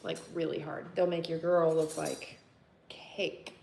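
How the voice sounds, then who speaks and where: A woman's voice: deep voice, level tone, slow pace, gravelly, a little mellow, slight background noise. Chatty woman vlogging from her kitchen. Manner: chatty, rambling, laughs often. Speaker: vlogger and mother of three boys. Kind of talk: casual chat with viewers while doing chores. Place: home kitchen.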